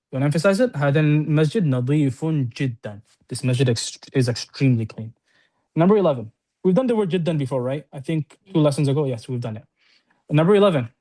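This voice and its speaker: A man teaching an Arabic lesson to a class, explaining quickly and often checking in with "right?". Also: medium pitch, warm tone. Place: classroom with students on-site and online.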